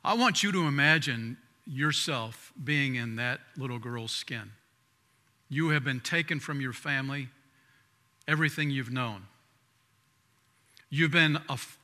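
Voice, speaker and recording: Preaching a sermon, a male pastor speaks conversationally in a mid-range voice at an unhurried pace, restarting and repeating words. He swings from loud, emphatic lines to quiet asides, and the recording carries a long hall reverb.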